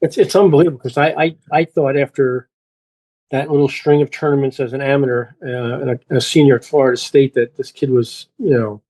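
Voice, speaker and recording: Middle-aged man, golf coach guest, warm dark tone, halting with fillers. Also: mid-range voice, fairly even intonation, rough recording. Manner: halting, repeats words, many fillers. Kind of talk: casual remote interview chat.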